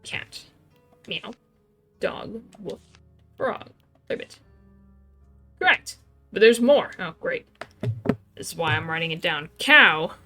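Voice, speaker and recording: A woman's voice: fairly low pitch, big pitch swings, unhurried, pushed and bright, soft background music. Playful woman streamer reading game dialogue. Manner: playful, reads in-game lines in light character voices. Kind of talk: casual game commentary, reading dialogue aloud.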